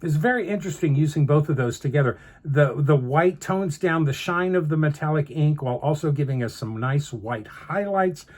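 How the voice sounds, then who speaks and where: A man's voice: on the high side, normal speed. A man hosting a card-making tutorial, chatting through each step and chuckling between remarks. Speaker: card-making channel host. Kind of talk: crafting tutorial narration.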